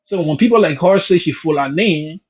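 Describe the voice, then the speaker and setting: Husky emphatic man from Africa. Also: fairly high pitch, normal speed. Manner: emphatic, repeats words when fired up. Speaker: panelist. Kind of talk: heated live-stream discussion. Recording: dull lo-fi stream audio.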